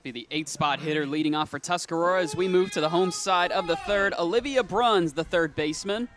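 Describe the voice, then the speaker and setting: A young man calling play-by-play for a high school softball game, quick on routine calls and rising on big plays. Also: steady tone. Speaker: play-by-play announcer. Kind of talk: sports commentary.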